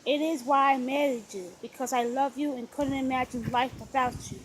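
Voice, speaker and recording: A woman reading aloud, voicing a lovestruck gentleman husband in a soft, murmuring, lowered voice for a storybook. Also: steady tone, normal speed, slight background noise, rough recording. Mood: tender.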